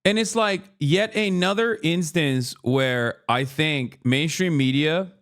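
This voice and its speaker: A man's voice: a little high, slow pace, fairly bright tone. A man hosting his show, ranting with profanity and mocking the voices of others. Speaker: streamer and show host. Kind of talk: ranting commentary.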